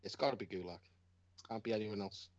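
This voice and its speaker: A man's voice: on the low side, a little fast, a little mellow, no echo, muffled recording. A man in casual chat, blunt and emphatic, swearing freely. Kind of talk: casual chat, wrestling predictions.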